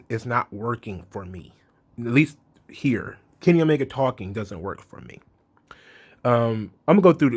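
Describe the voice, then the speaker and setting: Blunt, exasperated man ranting. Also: mid-range voice. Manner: blunt and exasperated, swears freely, acts out quotes. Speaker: wrestling commentary host. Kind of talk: casual solo commentary.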